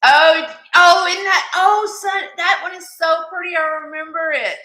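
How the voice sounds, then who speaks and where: A woman's voice: very high voice, unhurried, pushed and bright, roomy sound. A woman hosting a live jewelry sale stream, chatty and affectionate with her viewers, calling them sweetie. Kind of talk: live-stream selling chat.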